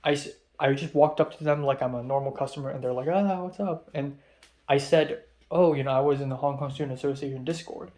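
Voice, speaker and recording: A man's voice: medium pitch, steady tone, brisk, a little mellow. A young man and native Cantonese speaker casually telling a rambling story as a vlogger, with frequent ums and restarts. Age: young adult.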